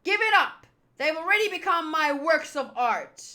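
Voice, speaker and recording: Woman doing a slow, gloating male villain. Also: high voice, lively intonation, bright, forceful tone, pitched above the performer's own voice.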